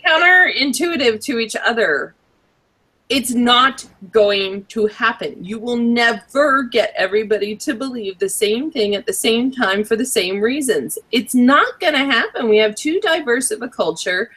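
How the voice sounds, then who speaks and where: A young adult woman co-hosting a podcast, chatting casually with animated, opinionated asides. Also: fairly high pitch, a little slow, slightly rough. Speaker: podcast co-host. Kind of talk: casual chat.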